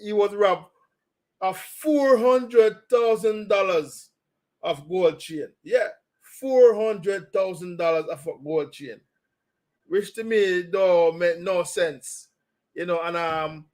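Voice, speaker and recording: A man hosting a casual commentary show, rambling and opinionated with lots of fillers. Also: sits high. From Jamaica. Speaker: host.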